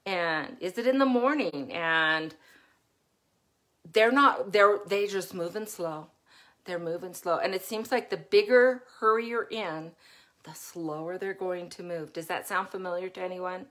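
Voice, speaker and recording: A woman's voice: on the low side, unhurried. Chatty middle-aged woman parenting coach. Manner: chatty, laughs often, acts out her own yelling. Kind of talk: live-stream talk.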